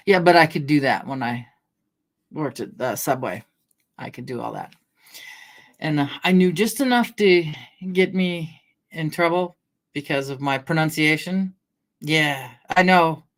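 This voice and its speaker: A middle-aged woman from Washington State chats on a casual livestream, reading out names from the chat as she goes. Her voice sits low for a woman, and she rambles easily from one story to the next with frequent laughs. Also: unhurried, pauses often. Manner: chatty, rambling, laughs often, greets viewers by name. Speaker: livestream host. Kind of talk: casual chat with live chat readers.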